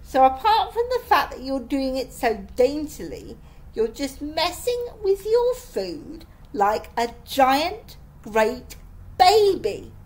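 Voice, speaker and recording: Woman doing a bossy blunt schoolgirl, high voice, scolding, storybook. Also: big pitch swings, takes it slowly, heavily acted, rough recording. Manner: forthright and scolding.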